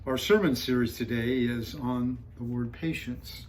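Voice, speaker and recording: A male pastor preaching a sermon, telling a story calmly with frequent pauses and fillers before turning to scripture. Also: mid-range voice, rough recording. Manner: calm storytelling with frequent fillers, rising for punchlines.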